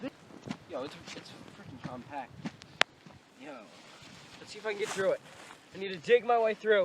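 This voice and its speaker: A young man clowns his way through a pretend news report outdoors in the snow, his voice high and swinging up and down. He talks slowly and playfully. Outdoor noise fills the handheld camera recording. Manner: goofy, playful, lively. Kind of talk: joking mock news report.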